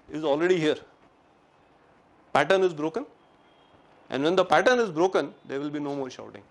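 A middle-aged man gives a public talk on anger management, telling an anecdote and acting out the dialogue of the people in it. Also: high-pitched. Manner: storytelling, acting out quoted dialogue.

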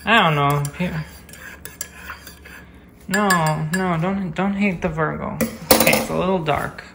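A man's voice: sits high, a little slow, gravelly, background noise. A man chatting casually in a home vlog, playful and theatrical while making coffee at home. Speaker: vlogger.

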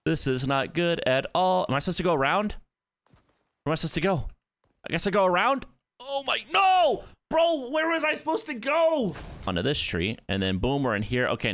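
Young male gameplay commentator, bright tense voice, panicky and excitable. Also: mid-range voice, no room sound. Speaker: gaming YouTuber.

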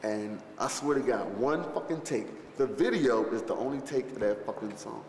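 A man's voice: medium pitch, normal speed, a little hiss or hum. Rambling, profane man in an echoey hall. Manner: rambling, profane, full of fillers and restarts; animated storyteller who acts out others' lines. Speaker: interviewee recalling a film shoot. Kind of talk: casual anecdotal interview. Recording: echoey hall with long reverb, faint ambience.

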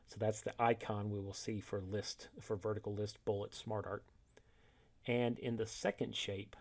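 Low gravelly man teaching software. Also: level tone, normal speed. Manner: methodical, reads steps then demonstrates, self-corrects. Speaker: instructor. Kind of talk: software tutorial screencast.

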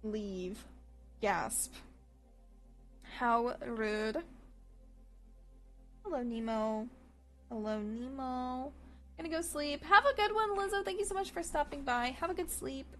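A woman's voice: high voice, animated, unhurried. A woman streaming games, chatting casually with a playful, giggly manner and cutesy baby talk. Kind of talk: casual livestream chat. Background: faint background music.

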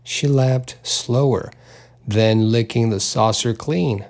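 A man reading a literary novel aloud as an audiobook narrator, in a measured, unhurried delivery with small touches of voice for the characters. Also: mid-range voice, darkish tone.

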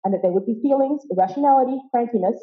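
A woman's voice: fairly high pitch, very fast. Wry young woman telling stories. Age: young adult. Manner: wry, vivid storytelling. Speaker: eulogy speaker. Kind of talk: memorial storytelling speech. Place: woolshed hall. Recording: roomy, dull hall sound.

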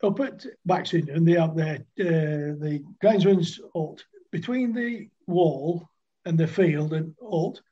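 A man's voice: a little high, takes it slowly, husky, highs cut off. An older man telling rambling cricket-club anecdotes in a casual chat, often laughing. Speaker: guest, former cricketer. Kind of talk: casual storytelling.

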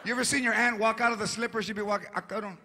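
A man's voice: high voice, fairly even intonation, rapid-fire. A man doing stand-up comedy, brash and profane, dropping Spanish words into his English. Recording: live stage with loud audience and noise.

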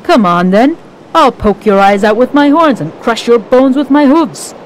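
A woman's voice: fairly high pitch, big pitch swings, normal speed, slight background noise, pitched above the performer's own voice, poor audio. A woman voicing the biggest, strongest billy goat, bold and defiant.

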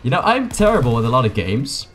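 A young man, a native Dutch speaker, gives excitable, joking, rambling commentary to his viewers as he plays a video game. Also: medium pitch, quick pace, faint music behind. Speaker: gaming YouTuber. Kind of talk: casual gameplay commentary.

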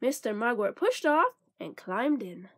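High, lively woman reading a picture book. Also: unhurried, no echo, clean studio sound. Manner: expressive, with playful sound effects. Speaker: storybook reader.

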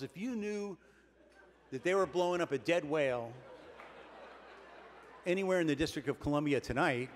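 An older man delivers a comic keynote speech in a dry, deadpan way, leaning on pauses to land his jokes. His voice sits a little high, and it rings out with a long reverb through a large banquet hall over a faint hum of room noise. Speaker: keynote speaker.

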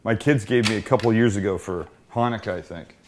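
A man's voice: lowish voice, fast, noisy background. Joking middle-aged man cooking at home. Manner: joking, self-deprecating, talks while working. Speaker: cooking show host. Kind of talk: casual cooking demonstration. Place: home kitchen.

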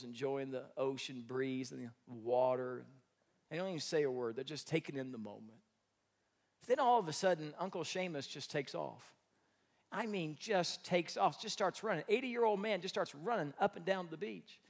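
A male pastor preaching a sermon, animated, swinging between loud emphatic bursts and soft asides, joking with the congregation. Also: fairly high pitch.

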